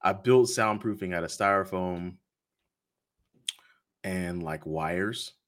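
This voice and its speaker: A podcast host tells a story in an easygoing, animated way, slipping into the voices of the people he quotes. His voice sits on the low side for a man. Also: takes it slowly. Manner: animated, acts out quoted dialogue with laughs. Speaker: podcast host being interviewed. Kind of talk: casual storytelling.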